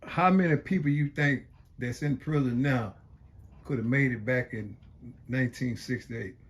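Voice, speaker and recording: Off-mic interviewer asking short questions. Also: male voice, mid-range voice, normal speed. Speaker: interviewer, host.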